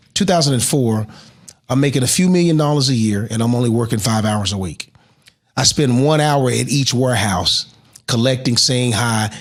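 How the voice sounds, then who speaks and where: A middle-aged man, a guest in an interview, telling his life story with lively swells and sudden quiet drops. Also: mid-range voice. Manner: animated storyteller who drops to a hush at emotional moments. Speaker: interview guest, motivational speaker.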